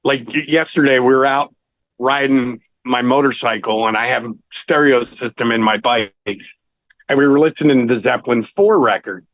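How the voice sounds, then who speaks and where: Middle-aged man, rock singer, medium pitch, dry close sound, animated storytelling, chuckling. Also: normal speed, no echo, low-quality recording. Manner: animated, laughs while telling anecdotes. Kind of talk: casual storytelling interview.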